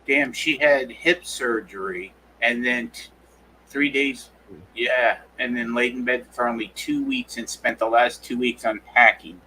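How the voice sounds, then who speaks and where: A man's voice: medium pitch, unhurried, pushed and bright, a little hiss or hum, rough recording. A man co-hosting a casual live-stream podcast, loose and swearing casually. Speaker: podcast co-host.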